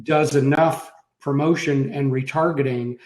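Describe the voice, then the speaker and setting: A man's voice: medium pitch, fairly even intonation, measured pace, darkish tone. A man co-hosting a marketing webinar, talking in an easygoing way with small restarts. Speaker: webinar co-host. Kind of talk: casual webinar talk. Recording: roomy echo.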